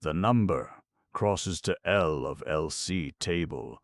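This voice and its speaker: A man narrating an audiobook play, reading stage directions in a flat, matter-of-fact way. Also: sits low, slow pace, dry recording, studio quality.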